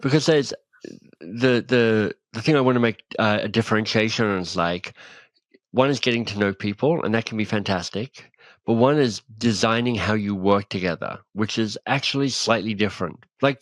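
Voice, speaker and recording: A male guest author talks through his ideas in a relaxed podcast interview, slipping into animated stories where he plays out both sides of a conversation. His voice sits on the low side, and it is recorded dry with no room sound around it. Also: no echo. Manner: animated storyteller, acts out dialogue.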